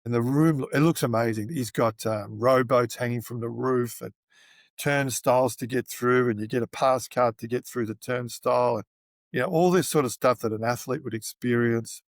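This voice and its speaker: A man's voice: mid-range voice, normal speed, no echo, clean studio sound. Rambling Australian man telling anecdotes. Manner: rambling anecdotes with many fillers and restarts. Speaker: guest. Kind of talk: casual storytelling interview.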